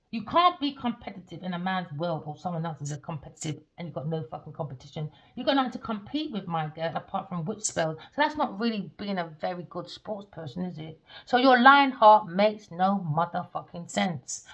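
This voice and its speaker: A woman's voice: fairly low pitch, creaky. A woman giving a profane, scornful rant as a tarot reader. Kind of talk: ranting monologue. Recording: dull lo-fi recording.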